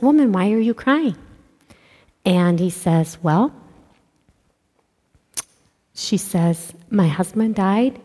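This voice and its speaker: Animated woman telling stories in a reverberant hall. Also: fairly low pitch. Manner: animated storyteller, dramatic hushed asides. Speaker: catechist speaking to kids. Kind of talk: storytelling religious talk.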